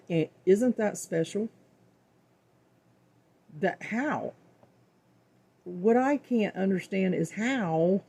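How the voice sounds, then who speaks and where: Low gravelly woman sharing her faith. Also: mellow. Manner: earnest, folksy, repeats words for emphasis. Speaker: cooking show host. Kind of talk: casual faith-filled talk to viewers.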